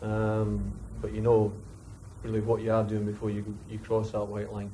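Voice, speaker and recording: A man, a former footballer telling a lively anecdote in an interview. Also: fairly low pitch, moderate pace, slight background noise. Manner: animated, mimics others while telling a story. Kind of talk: storytelling anecdote.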